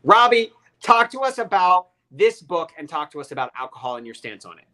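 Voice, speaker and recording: Bright-voiced, joking man hosting a live chat. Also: high voice, fairly quick. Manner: energetic, joking, emphatic. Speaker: host. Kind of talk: casual live video chat.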